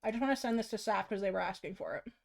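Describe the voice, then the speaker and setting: A woman streamer chatting casually while she draws, bubbly and quick to laugh. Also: medium pitch, vocal fry. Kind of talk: casual livestream chat.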